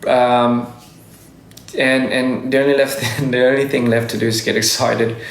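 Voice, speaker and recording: A man talks casually into his phone on a livestream, rambling through shout-outs and restarting his sentences. His voice sits at a middle pitch. The sound is roomy and echoey. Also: level tone, unhurried, slight background noise. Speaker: livestreaming artist. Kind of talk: casual livestream chat to fans.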